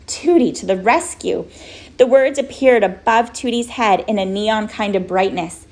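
An audiobook narrator, a woman with a mid-range voice, reads a storybook aloud. Her scripted narration is steady and measured.

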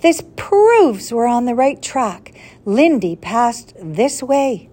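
A woman reading an old male professor, eager and knowing, storybook read-aloud, unhurried, lively swoops in the voice. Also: a little high, exaggerated voice. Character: excited elderly male professor explorer.

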